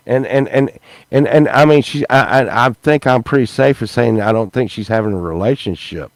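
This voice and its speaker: Speaking at a moderate pace in a mid-range voice, this male vlogger rambles to his YouTube audience, says the same things over again, and breaks into laughter mid-sentence. The recording has no echo.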